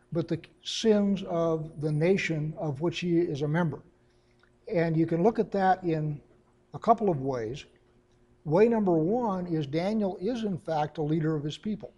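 A man's voice: a little high, warm tone. A man reading scripture aloud and explaining it in a conversational teaching style, with casual asides between solemn readings. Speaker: Bible teacher.

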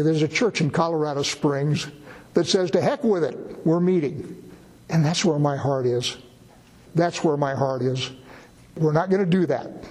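A man's voice: a little high, darkish tone, breathy edge. A man, a pastor, preaching a folksy, conversational sermon with asides to a gathered congregation. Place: church gathering in a borrowed building. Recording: long reverb of a hall.

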